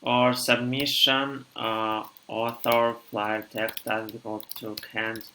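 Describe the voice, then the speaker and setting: A man from Siberia with a thick Russian accent, tired after hours of streaming, coding live and thinking aloud in a halting way as he reads code out. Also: mid-range voice, level tone, sharp tone, a little hiss or hum.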